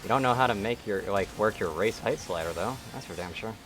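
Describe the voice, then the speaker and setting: Teasing low-voiced man streamer. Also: brisk. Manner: teasing, sarcastic. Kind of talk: casual chat while gaming.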